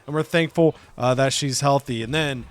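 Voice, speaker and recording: A man casually recapping a wrestling management game, animated and profane, slipping into other characters' voices. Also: mid-range voice, moderate pace. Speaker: let's play host.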